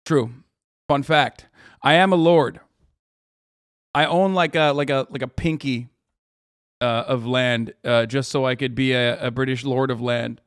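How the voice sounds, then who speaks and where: A man's voice: medium pitch, steady tone, unhurried, long pauses, clear, resonant tone, no echo, studio quality. A male streamer reacting to chat, ranting heatedly with plenty of profanity and sarcastic jokes. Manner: jokey, trailing off into mumbles.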